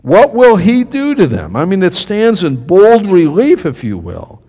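A high-voiced man preaches with a lot of movement in his pitch, swinging from hushed lines to sudden cries. He acts out the voices in the story and throws questions to his listeners. The sound carries a long reverb, as from a big hall. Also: a little slow, slightly rough. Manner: animated, acts out quotes, asks the congregation questions. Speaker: pastor. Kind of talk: sermon.

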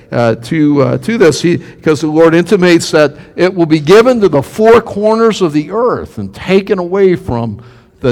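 A pastor with a high voice delivers an animated sermon, his pitch moving widely from hushed lines to sudden cries. He acts out the quotes and voices in the story and asks the congregation questions, all under a long reverb like a big hall.

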